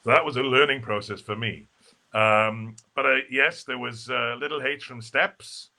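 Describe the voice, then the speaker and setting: A man in a relaxed live video interview, talking as a stage actor guest. His voice is bright and forward at a middling pitch, and he rambles along with plenty of "you know"s and restarts. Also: normal speed. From Wales. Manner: chatty and rambling, many fillers and restarts.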